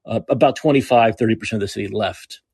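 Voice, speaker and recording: A man's voice: lowish voice, quick pace, darkish tone, slightly rough, no room sound, studio quality. A man rants sarcastically and profanely in a digressive podcast monologue. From New York. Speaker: podcast host. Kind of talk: ranting monologue.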